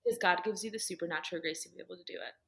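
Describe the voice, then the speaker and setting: A woman with a somewhat low voice shares heartfelt faith stories in a loose, conversational way. She talks earnestly and leans on "like" as she goes. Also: racing, gravelly, fairly bright tone. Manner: earnest storytelling, heavy use of "like".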